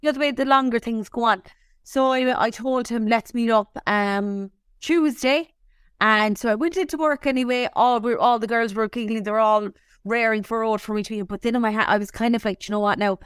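A young woman with an Irish accent tells a story in a lively, casual way, swearing as she goes. Her voice is smooth and clear and sits a little high. The sound is dry and close. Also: fairly quick, no echo. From Ireland. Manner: animated storytelling, swears freely. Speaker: podcast co-host. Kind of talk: casual chat.

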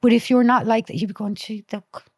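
Speaking fast in a slightly high voice with a breathy edge, a Dublin-accented youth worker guests on a podcast for a casual chat. She's a lively storyteller who acts out quotes and swears freely; the recording is dry and studio quality.

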